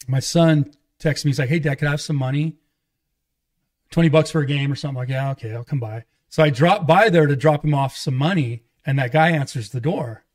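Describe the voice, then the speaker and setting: A man with a slightly raised voice shares his testimony in a relaxed interview. He is an animated storyteller who drops into the voices of the people he talks about. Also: a little high, fairly quick. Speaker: pastor and guest. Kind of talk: conversational testimony.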